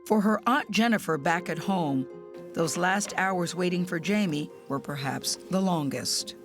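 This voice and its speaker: A woman correspondent reading scripted news narration in a measured, even way. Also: on the low side, soft background music.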